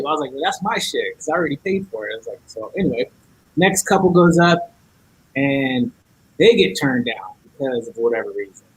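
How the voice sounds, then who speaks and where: A man's voice: fairly high pitch, slight background noise, poor audio. A man guest on a podcast, telling a story in casual chat, acting out each side of the dialogue and cursing a lot.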